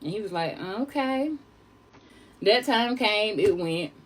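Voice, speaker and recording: A young woman from New York telling a chatty storytime tale, animated and calling listeners honey. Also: mid-range voice, moderate pace, slight background noise. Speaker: storyteller vlogger. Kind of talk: casual storytime monologue.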